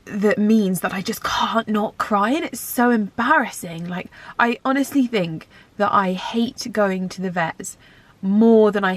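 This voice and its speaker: A woman talks to her camera in a relaxed, rambling way. Her chat is heartfelt and personal, full of little asides, as in a casual lifestyle vlog. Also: medium pitch. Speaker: lifestyle vlogger.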